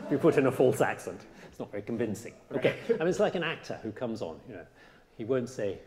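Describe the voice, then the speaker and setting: A man teaching a cello master class, coaching a student with lively, detail-fussy remarks. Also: on the low side, a little fast, crowd noise. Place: concert hall. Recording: reverberant hall with music.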